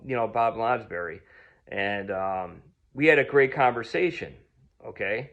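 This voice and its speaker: A man's voice: mid-range voice, animated, moderate pace, lo-fi sound. A man from telling a personal story in a casual, rambling way, full of ums and restarts. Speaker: vlogger.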